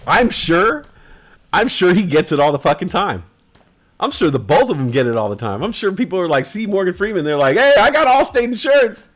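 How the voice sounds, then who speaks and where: A man's voice: a little high, big pitch swings, brisk. A man hosting a casual livestream, talking in loose, profane, rambling banter. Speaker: livestream host.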